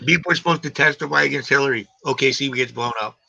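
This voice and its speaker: A man in his forties hosting a live stream, chatting in a rambling, animated way and swearing casually. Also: medium pitch, fast, creaky, no echo. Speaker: livestream host. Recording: dull lo-fi stream audio.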